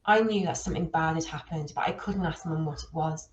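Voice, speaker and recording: A woman reading a children's novel aloud, with steady, expressive storytelling. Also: low voice, brisk, roomy sound, lo-fi sound, a little hiss or hum. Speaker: reader.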